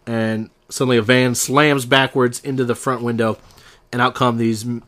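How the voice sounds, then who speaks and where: A man hosts his comic book show in a relaxed, rambling way. He retells a story with plenty of "uh"s and "you know"s, and his voice sits at an ordinary middle pitch. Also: moderate pace. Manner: rambling, filler-heavy, enthusiastic retelling. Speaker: comic book podcast host. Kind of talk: casual comic recap.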